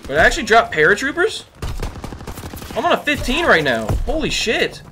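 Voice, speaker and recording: A man giving excitable, trash-talking commentary over his own gameplay, a little sick. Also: extremely high pitch, normal speed, slight background noise. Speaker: gaming YouTuber. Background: faint background music.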